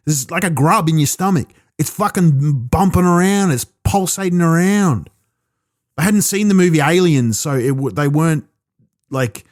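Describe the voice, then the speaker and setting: A man's voice: mid-range voice, a little mellow. Aussie guy doing stand-up alone in his room, rambling and swearing a lot. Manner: rambling, profane storytelling with quick asides. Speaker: stand-up comedian. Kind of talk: stand-up routine performed alone. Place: small room.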